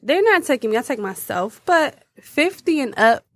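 A woman's voice: high-pitched, very animated, moderate pace, fairly bright tone, no echo. A young woman co-hosting a casual podcast in a laid-back, teasing way. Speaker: podcast co-host.

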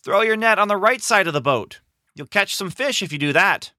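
A man voicing Jesus, a kindly adult man who calls out and speaks calmly in a children's Bible story. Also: lowish voice, moderate pace, no room sound, clean studio sound, heavily acted. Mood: calling. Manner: calling out loudly from afar, then calm. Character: Jesus, adult man, calm and warm-hearted.

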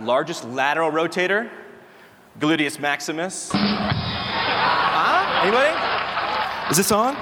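A man hosting a live keynote, telling self-deprecating jokes and a little out of breath. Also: a little high. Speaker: host. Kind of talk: live stage comedy bit. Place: large conference hall. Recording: echoey hall with faint noise.

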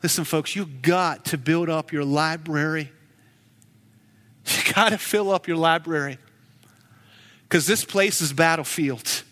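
High bright-voiced preacher in a hall. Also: male voice, unhurried, pauses often. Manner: emotive preaching, rising to urgent pleas then dropping low. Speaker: pastor. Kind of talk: sermon.

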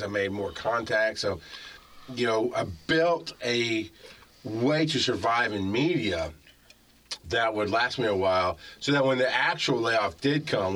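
A man telling long stories in a loose, profane podcast chat, with lots of pitch swings. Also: a little hiss or hum. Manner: animated, profane storytelling. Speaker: podcast guest. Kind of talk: casual chat.

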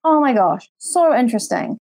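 A woman's voice: fairly high pitch, animated, moderate pace, creaky, a little mellow, no echo. A New Zealand woman in her forties, a podcast guest, talking in a rambling, hedging way with lots of fillers. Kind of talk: casual podcast chat.

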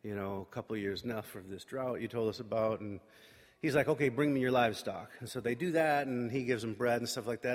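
A man retelling a Bible story in a loose, chatty way, with plenty of ums and quick acted-out quotes. His voice sits in the middle range and rings out with a long reverb from a big room. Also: mid-range voice. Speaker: Bible teacher.

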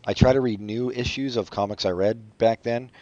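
A man co-hosting a casual podcast chat about comics, rambling and making deadpan jokes, in a dull lo-fi recording. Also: mid-range voice, normal speed, no echo. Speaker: podcast co-host.

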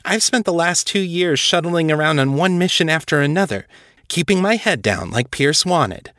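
A man's voice: a little high, expressive, normal speed, a bit bright, no room sound, studio quality, voice pushed up. A man reading aloud as a weary, outspoken woman officer, speaking bluntly and pressing her point.

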